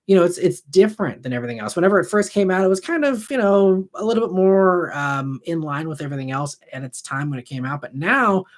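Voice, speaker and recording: A fairly high-pitched young man hosts a casual live stream about cars. He answers viewer questions in a loose, meandering way, with plenty of ums and false starts. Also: quick pace, few pauses. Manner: relaxed and rambling, with many ums and restarts. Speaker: car channel host answering live chat questions.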